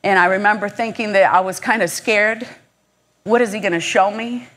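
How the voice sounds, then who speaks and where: A woman's voice: mid-range voice, fairly even intonation, moderate pace, a bit bright. A woman from Michigan giving a heartfelt, encouraging inspirational faith talk at a conference, speaking conversationally. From Michigan, USA.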